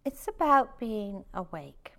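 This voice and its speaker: Smooth-voiced woman giving a meditation talk. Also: mid-range voice, big pitch swings, slow pace. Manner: reflective, gently inviting. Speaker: meditation teacher. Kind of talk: dharma talk at a retreat.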